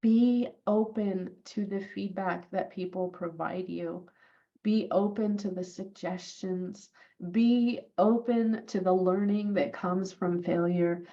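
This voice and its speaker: A woman in her forties telling a personal story on her vlog. She is animated and acts out what other people said, using it to coach business owners. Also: medium pitch, takes it slowly, highs cut off. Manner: animated, acts out quoted lines.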